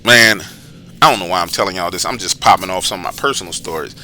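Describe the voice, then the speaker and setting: A man hosting his own channel, telling a personal story in a casual, profane, slangy way and loudly acting out the scenes. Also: deep voice, quick pace, faint music behind.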